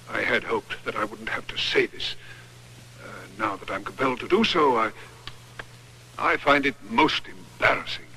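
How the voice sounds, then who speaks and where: An actor playing a formal older general with an English accent, giving halting but firm orders in a film drama. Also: male voice, mid-range voice, pushed and bright, slightly rough, full character voice, low-quality recording.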